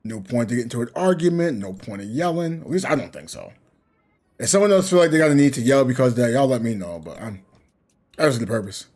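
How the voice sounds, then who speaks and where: Talking fast with big swings in pitch, this young gaming host has a mid-range, slightly mellow voice. He plays and chats casually, drifting reflectively from point to point and chuckling along the way.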